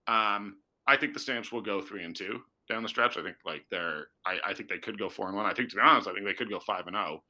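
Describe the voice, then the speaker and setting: Bright-voiced male sports reporter. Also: fairly low pitch, fast, hardly any pauses, poor audio. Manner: thinks aloud with many fillers and restarts. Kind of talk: casual sports chat.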